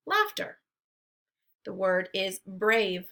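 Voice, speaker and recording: A woman teacher leading a phonics drill for young children, modeling each word slowly and clearly for them to repeat. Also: medium pitch, steady tone, sharp tone.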